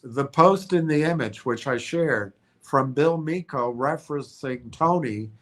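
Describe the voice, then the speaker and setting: A congested man hosting a stock livestream, talking in a halting way with many restarts and self-corrections as he reads notes aloud. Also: on the high side, fairly bright tone. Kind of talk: casual stream commentary, reading notes aloud.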